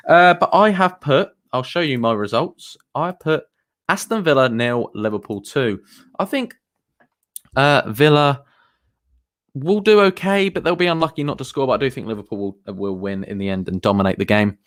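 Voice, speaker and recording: A man's voice: medium pitch, expressive, moderate pace, a bit bright, no room sound, clean studio sound. Chatty man rambling on stream. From England. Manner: rambling, chatty, reads out viewer comments. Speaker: football streamer. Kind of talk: live stream chat.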